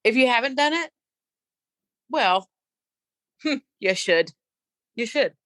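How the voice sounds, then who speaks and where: A woman's voice: a little high, animated, slow, fairly bright tone, no room sound. Opinionated woman telling a story, dry sound. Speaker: podcast co-host. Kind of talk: casual chat.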